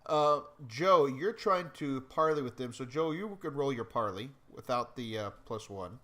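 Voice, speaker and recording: A man running a tabletop game as game master, explaining rules in a relaxed way with many hesitations. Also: medium pitch, moderate pace.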